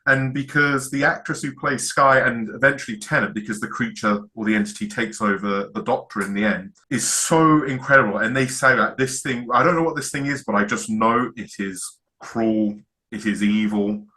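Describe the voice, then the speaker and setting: Male co-host, bright tone, eager casual storyteller. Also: mid-range voice, normal speed. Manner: enthusiastic, retells scenes acting out lines. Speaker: podcast co-host. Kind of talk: casual chat.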